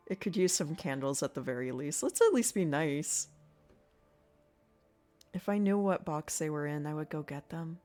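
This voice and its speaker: A woman's voice: fairly low pitch, animated, normal speed, warm tone, faint music behind. A woman streamer chatting casually and playfully to her viewers while she plays a game, often breaking into giggles. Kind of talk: casual live-stream chat while gaming.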